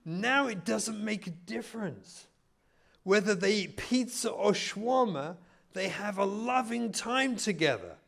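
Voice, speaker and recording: A man from Israel, a rabbi and family therapist, giving an animated lecture full of acted anecdotes. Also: high-pitched, a little slow, vocal fry. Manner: animated, storytelling, emphatic.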